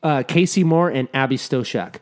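A man's voice: mid-range voice, moderate pace. A man co-hosting a podcast in casual chat, joking dryly and reading out names. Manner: dry, joking, reads lists of names. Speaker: podcast co-host.

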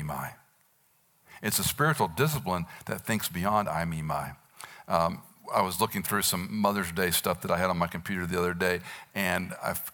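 A man's voice: deep voice, bright, forceful tone. A man in his sixties preaching a sermon, telling a Bible story and acting out the quotes with animation. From United States. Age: 60s. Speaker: pastor.

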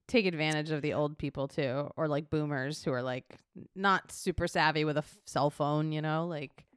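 A woman co-hosting a podcast, chatting casually and telling lively stories with casual swearing. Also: deep voice, normal speed, clear, resonant tone, no echo, studio quality. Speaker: podcast co-host. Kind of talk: casual chat.

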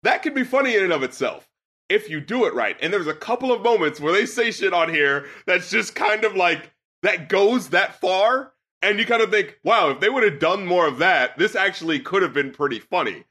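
Man, podcast music critic, high bright voice, animated and profane. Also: moderate pace, slightly rough. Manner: animated, laughs often, swears freely. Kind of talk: casual review chat.

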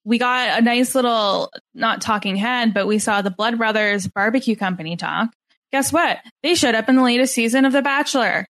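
A woman's voice: fairly high pitch, fairly bright tone. Chatty, playful woman podcast co-host. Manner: chatty, playful, quick to joke. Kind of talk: casual chat.

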